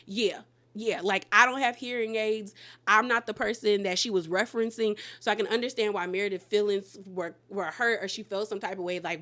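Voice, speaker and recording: A woman recapping a reality show in a lively, casual way, acting out the cast's lines and laughing often. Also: medium pitch. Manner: animated, quotes the cast in quick bursts, laughs often.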